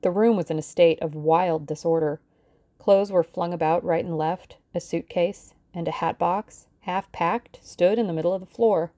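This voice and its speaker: A woman narrates a novel as an audiobook in a measured, steady way. Her voice sits on the low side. The recording is dry and close, with no room sound. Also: dry recording. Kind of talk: scripted narration.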